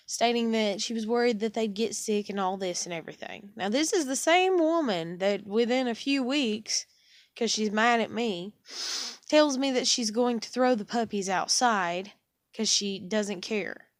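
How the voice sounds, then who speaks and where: A woman's voice: mid-range voice, no echo, studio quality. A young woman venting in a rambling, frustrated way, swearing often. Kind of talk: casual venting monologue.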